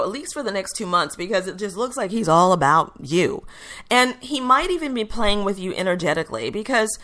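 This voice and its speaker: Bright-voiced chatty woman radio host. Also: mid-range voice. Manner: chatty, upbeat, frequent fillers and self-corrections. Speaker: radio show host and intuitive reader. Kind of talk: casual solo radio talk.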